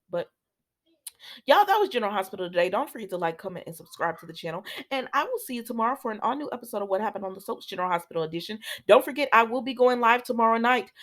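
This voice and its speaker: A woman recapping a soap episode in a casual, chatty way, talking straight to her viewers and quoting the characters as she goes. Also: medium pitch. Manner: animated, talks straight to viewers, slips into character quotes. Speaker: soap opera recap host.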